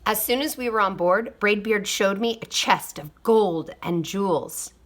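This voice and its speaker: A woman reading a children's picture book aloud, expressive, with quiet asides. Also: medium pitch, a little slow. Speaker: storybook reader. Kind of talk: storybook read-aloud.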